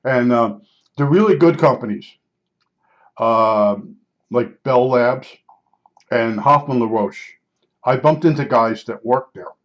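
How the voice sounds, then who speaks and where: A man's voice: medium pitch, slow pace, long pauses. An older man from New Jersey telling a story about past jobs in a casual, rambling way, full of fillers and restarts. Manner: rambling, repeats himself, many fillers. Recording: slightly dull lo-fi sound.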